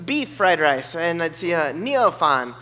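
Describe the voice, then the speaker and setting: High-voiced man telling an animated story. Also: fairly quick, faint music behind. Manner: animated, acts out the other people's voices. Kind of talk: personal storytelling. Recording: long hall reverb.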